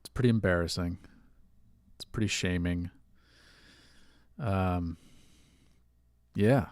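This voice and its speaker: A man's voice: deep voice, takes it slowly, a little mellow, no room sound, studio quality. A man hosting a solo podcast, rambling in a candid, rueful way with a stuffy, sniffly nose from allergies. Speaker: podcast host. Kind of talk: casual solo podcast monologue.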